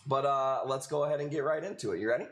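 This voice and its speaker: A man's voice: mid-range voice, quick pace, a bit bright, a little hiss or hum. A man hosting a casual live stream, laid-back and slangy, greeting viewers by name. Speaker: live stream host selling corals. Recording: echoey room with faint ambience.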